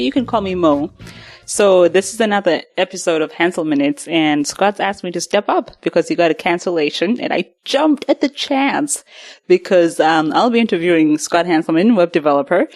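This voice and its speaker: Playful hesitant woman interviewer. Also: fairly low pitch. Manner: playful, laughing easily, hesitant. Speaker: guest interviewer. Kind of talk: casual podcast interview.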